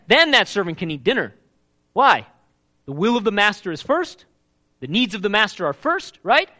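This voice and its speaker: A pastor preaching a live sermon, animated and emphatic, often checking in with the congregation. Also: male voice, very high-pitched.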